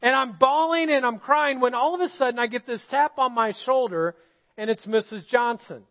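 A man's voice: very high-pitched, moderate pace, highs cut off. A middle-aged male pastor preaching a sermon in a church auditorium, telling stories and asking the congregation questions. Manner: storytelling, asks the congregation questions.

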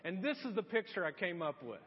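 A man delivers a sermon as pastor, his voice pitched very high with a husky edge. He tells the story with animated energy and acts out each quote. The sound is muffled and lo-fi, with a long reverb from the church hall. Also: fast. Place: church sanctuary.

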